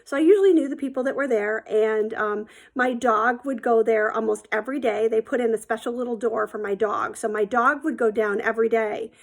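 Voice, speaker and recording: Chatty woman with a gravelly voice. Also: a little high, brisk, hardly any pauses. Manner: chatty, rambling, many ums and likes. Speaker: storyteller. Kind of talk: casual spoken storytelling.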